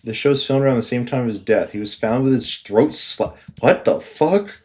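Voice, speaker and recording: A man's voice: medium pitch, fairly even intonation, a little fast, slightly rough. Rambling, swearing young-sounding man. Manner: rambling, heavy on fillers and swearing, laughs often. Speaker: podcast co-host. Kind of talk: casual chat.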